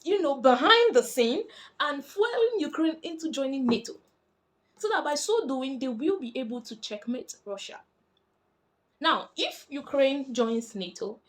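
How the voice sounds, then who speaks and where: A woman, chatty and emphatic, explaining international politics in a casual vlog. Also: sits high. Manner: chatty and emphatic, animated when making points.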